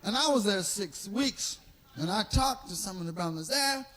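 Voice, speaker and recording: A man in his forties working a stand-up set, swearing freely as he rambles through his stories and slips into the voices of the characters he describes. His voice sits high for a man and swoops up and down constantly, bursting into shouts one moment and dropping to a mutter the next. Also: animated, normal speed. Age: 40s. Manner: profane, loose storytelling that acts out characters. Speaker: stand-up comedian. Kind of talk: live stand-up comedy routine. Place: live stage show.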